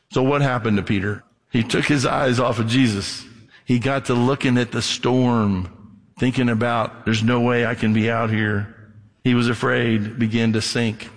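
A middle-aged male pastor preaching conversationally, acting out voices and dropping low and quiet for emphasis. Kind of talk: sermon. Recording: long hall reverb.

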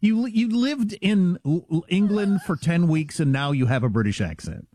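Wry, lively-voiced man hosting talk radio. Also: high voice, moderate pace, no echo. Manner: wry, teasing storytelling. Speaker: radio host. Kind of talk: casual talk radio banter.

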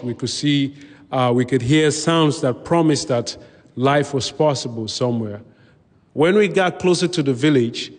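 A man recounting his own past in a measured, vivid way, pausing now and then to restart a phrase. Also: medium pitch. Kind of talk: personal storytelling talk. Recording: long hall reverb.

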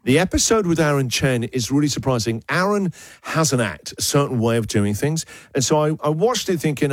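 Enthusiastic radio host, dry studio sound. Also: male voice, mid-range voice, animated, fairly quick, no room sound. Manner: enthusiastic, emphatic repetitions. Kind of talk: casual radio chat.

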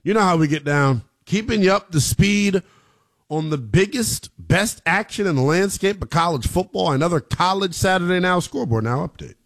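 A man hosting a sports talk radio show, emphatic and slangy, with an excitable delivery. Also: high-pitched, normal speed.

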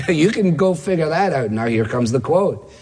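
A man preaching a sermon, emphatic, repeating key phrases and slowing down to stress words. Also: a little high, lively intonation, a little mellow, slightly rough. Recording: long hall reverb.

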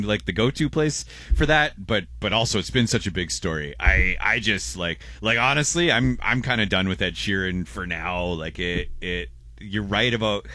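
A man co-hosts a casual morning radio show, reading listener messages aloud and rambling with self-interruptions, restarts, and frequent laughs. His lowish voice sounds bright and forceful, with no echo.

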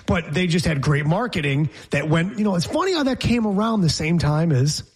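A man co-hosting a casual talk show, telling jokey stories with a husky voice. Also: fairly high pitch, lively intonation, brisk. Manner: joking, storytelling. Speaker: co-host. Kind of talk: casual banter.

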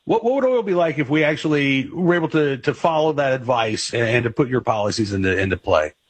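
A man's voice: mid-range voice, lively intonation, brisk, breathy edge, no echo. A man hosting a radio talk show, interviewing a guest in a conversational way with frequent fillers.

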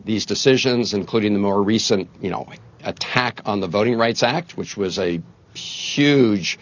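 Emphatic low-voiced senator on TV. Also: male voice, normal speed. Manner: emphatic, rising to forceful points with fillers. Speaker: senator guest. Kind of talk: live TV news interview. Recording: dull lo-fi broadcast audio.

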